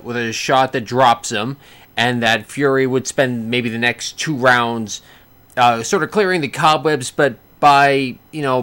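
A man casually recapping a boxing match he watched, rambling with many restarts and bursts of excitement. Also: medium pitch. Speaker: boxing fan reviewing a fight.

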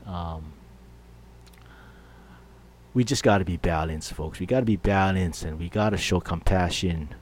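Low-voiced rambling podcast host. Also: male voice, darkish tone. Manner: rambling, jokey, full of fillers. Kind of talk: casual monologue.

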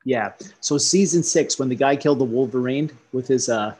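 A man talks in a casual podcast chat with a husky, slightly breathy voice. He tells animated stories and hops from one topic to the next. His pitch sits in a middle range. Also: normal speed. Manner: animated storyteller who jumps between topics.

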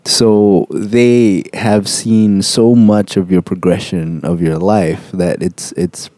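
Deep, dark-voiced man musing. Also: little pitch movement, dry recording. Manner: thoughtful, measured, reflective. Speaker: podcast co-host. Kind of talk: casual chat.

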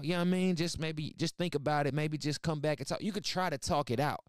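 Smooth-voiced man in blunt, profane commentary. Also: fairly high pitch, brisk, hardly any pauses, no echo, studio quality. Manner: blunt, profane, animated storytelling with repeated asides. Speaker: online commentator and podcast host. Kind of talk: casual reaction commentary.

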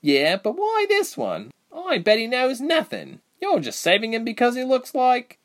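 A man voicing Reshma, a gruff and irritable young woman fighter who snaps sourly at her companion. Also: very high-pitched, wildly swooping pitch, measured pace, pitched above the performer's own voice, exaggerated voice. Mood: resentful. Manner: sharp and sour, snapping.

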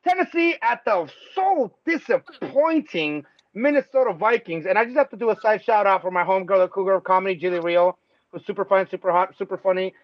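A man hosting a casual sports podcast, talking loosely and excitably, swearing freely and laughing often. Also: high-pitched, a little fast, no room sound. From Mexico. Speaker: podcast host. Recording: dull lo-fi sound, dry.

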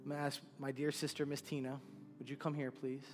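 A man's voice: medium pitch, level tone, fast, in a large hall, soft background music. A man, the church's pastor, praying earnestly and then honoring a departing member, fighting back tears. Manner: earnest, emotional, repeats phrases. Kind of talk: sermon prayer and farewell tribute. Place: church sanctuary.

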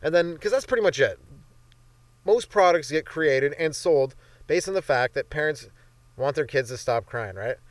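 A man's voice: a little high, animated, normal speed, no room sound. A young man hosting a comedy podcast, riffing in a loose, profane, rambling monologue full of fillers. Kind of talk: rambling stand-up style monologue.

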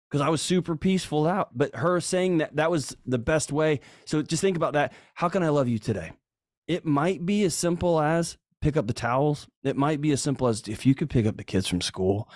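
A man's voice: mid-range voice, no room sound, clean studio sound. A man telling marriage stories in a casual podcast chat, emphatic and acting out the people he quotes. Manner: animated, acts out quoted voices, emphatic. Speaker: guest speaker on relationships.

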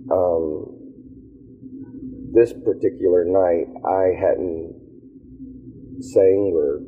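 A man telling stories of his ministry in a casual interview, animated and quick to laugh. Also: low voice, slight background noise. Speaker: worship leader guest. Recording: tinny phone-like line.

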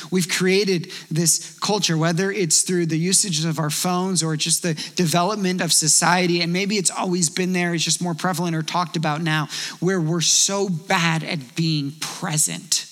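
A man preaching a sermon in a conversational, animated way, telling stories and quoting voices as he goes. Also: high-pitched, measured pace, big-room sound. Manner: conversational, animated storytelling with acted quotes. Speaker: pastor.

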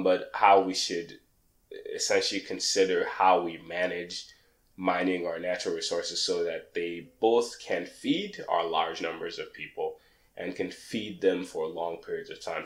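A man's voice: sits low, fairly even intonation, normal speed. A man hosting a casual podcast, playful and slangy, laughing often with his co-hosts. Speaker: podcast host.

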